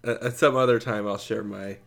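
A man's voice: lowish voice, fairly even intonation, brisk, gravelly, fairly bright tone. A man co-hosting a podcast in casual chat, laid-back, often just giving short reactions. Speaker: podcast co-host.

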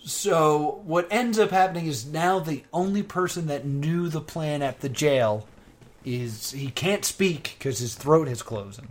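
A man casually recapping a TV episode with a co-host, animated when quoting scenes. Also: fairly high pitch, unhurried. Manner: animated retelling, bursts into loud quoted exclamations. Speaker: podcast co-host. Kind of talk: casual chat recapping a TV show.

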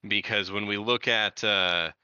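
A man's voice: fairly low pitch, fairly even intonation, measured pace, bright, forceful tone, clean tone, dry recording. A man in a casual film discussion podcast. He is enthusiastic and often laughs between his points. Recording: dull lo-fi sound.

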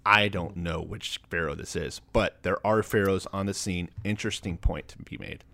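A man's voice: low-pitched, moderate pace, vocal fry, no echo. A man co-hosting a podcast, asking questions and dropping dry jokes in casual chat. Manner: wry, asks questions and drops deadpan jokes. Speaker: podcast co-host.

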